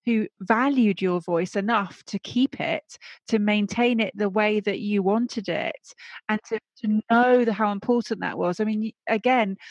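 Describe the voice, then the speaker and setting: A woman's voice: mid-range voice, no echo, highs cut off. A woman hosting an interview show, effusive and openly moved by her guest's story. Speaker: podcast host. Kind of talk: interview chat.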